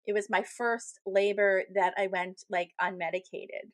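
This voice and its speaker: A woman's voice: medium pitch, steady tone, a little slow. A woman in her thirties co-hosting a spiritual podcast, chatting casually and telling stories with frequent fillers and laughs. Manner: chatty storyteller, laughs often, many fillers. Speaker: podcast co-host, medium. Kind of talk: casual chat.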